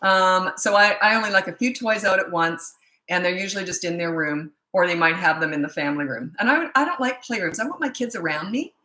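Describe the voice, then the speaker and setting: In a casual live Q&A, a woman parenting coach fields questions bluntly and chattily, often cutting herself off mid-thought. Her fairly low voice is brisk, pushed and bright, heard in a reverberant, low-quality recording.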